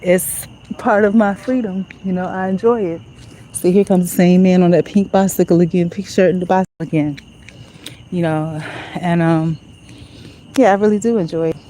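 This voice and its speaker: Woman, casual vlog monologue, walking outdoors at night, mellow lowish voice, reflective, says "you know" a lot. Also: fairly even intonation, normal speed, slight background noise, poor audio. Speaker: vlogger. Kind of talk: casual walk-and-talk monologue.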